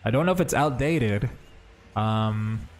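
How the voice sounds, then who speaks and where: A young man streaming a game, chatting casually and thinking out loud as he plays. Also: fairly low pitch, expressive, takes it slowly. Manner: chatty, thinks aloud, says bro and man. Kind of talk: casual livestream commentary.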